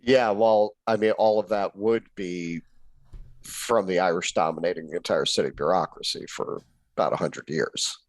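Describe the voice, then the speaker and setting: A man co-hosting a political podcast, measured and musing, often repeating the start of a sentence. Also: low voice, dry recording, poor audio. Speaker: podcast co-host. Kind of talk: casual political podcast chat.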